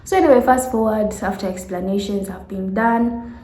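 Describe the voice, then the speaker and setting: A woman in her twenties telling a story to camera in a vlog, animated, acting out the people she quotes and laughing often. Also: mid-range voice, moderate pace, roomy sound. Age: 20s. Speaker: vlogger.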